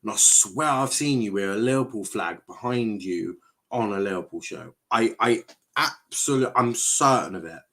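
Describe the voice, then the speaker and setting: Hosting a live football watchalong, a young streamer speaks at normal speed in a lowish, slightly bright voice. He reads viewer comments in casual chat, rambling and stumbling over words with the occasional swear.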